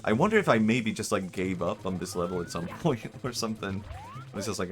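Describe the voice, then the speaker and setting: A man's voice: fairly low pitch, expressive, fairly quick. A man streaming a game, joking and thinking aloud in casual rambling commentary. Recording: game music behind. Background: game music.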